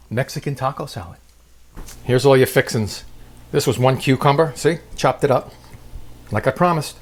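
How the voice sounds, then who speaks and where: In a home kitchen, a man with a voice on the high side hosts a casual cooking demo, joking and chatting directly with the viewer. There's slight background noise.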